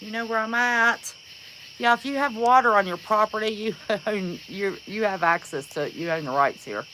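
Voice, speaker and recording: A woman's voice: medium pitch, normal speed, pushed and bright, slight background noise, rough recording. A woman hosting a casual livestream, chatting and greeting viewers by name and calling them honey. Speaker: livestream host.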